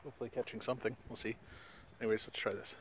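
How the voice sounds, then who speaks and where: A man's voice: mid-range voice, level tone, very fast, a little hiss or hum. A Canadian man with a Canadian accent, vlogging casually outdoors on a frozen lake, talking through a camera on a tripod in a rambling, laid-back way full of fillers.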